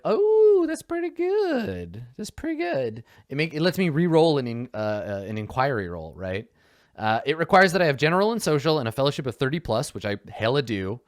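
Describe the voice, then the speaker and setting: A man casually talking through tabletop character creation, excitable, laughing and swearing freely. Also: mid-range voice, no echo, clean studio sound. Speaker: tabletop game player.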